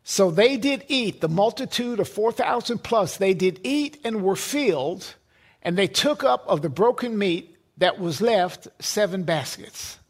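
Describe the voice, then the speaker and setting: A man's voice: sits high, lively intonation, measured pace. A man preaching a sermon, emphatic, repeating words and building lists.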